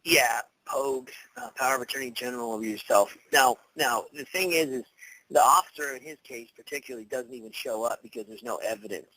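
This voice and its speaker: A man talking casually as a guest, telling stories with lively swings and acting out the people he quotes. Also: mid-range voice, fairly quick, a little hiss or hum, rough recording. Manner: animated storytelling, acts out quoted people. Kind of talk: casual talk show chat.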